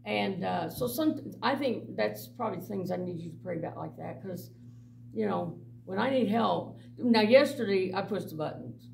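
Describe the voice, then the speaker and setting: A middle-aged woman with a gravelly, creaky voice tells blunt, animated stories to a church group and laughs often. She was recorded on a mic set some way off, with faint noise underneath. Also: mid-range voice, normal speed, distant mic, rough recording. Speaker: mission director. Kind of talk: personal testimony to a church group.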